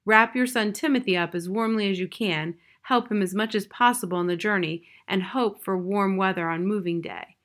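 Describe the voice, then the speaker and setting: A woman reading the lines of a wise, formal male owl in a grave, measured manner. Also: mid-range voice, fairly bright tone, natural voice. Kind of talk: audiobook reading.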